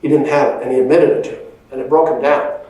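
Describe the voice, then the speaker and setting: A man's voice: medium pitch, fairly even intonation, fast, warm tone, very echoey, distant mic, low-quality recording. A man giving a motivational leadership presentation, with an emphatic, conversational delivery that often checks in with "right?". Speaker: leadership speaker.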